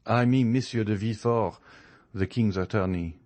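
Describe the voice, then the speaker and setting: A man's voice: lowish voice, moderate pace, darkish tone, dry recording, lightly acted. A man reading an audiobook who voices a courteous family doctor, speaking earnestly and formally.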